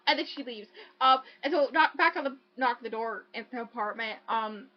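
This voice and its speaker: A woman's voice: high-pitched, lively intonation, normal speed, few pauses. A young woman casually recapping a book plot on a podcast, rambling and swearing with lots of fillers. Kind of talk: casual chat. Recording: dull lo-fi home recording.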